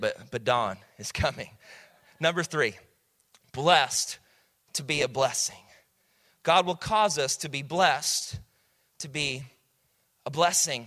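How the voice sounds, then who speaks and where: Pastor preaching loud, high bright voice, hollers at the crowd. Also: male voice. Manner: preacher calling out to congregation, builds to shouts. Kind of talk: sermon.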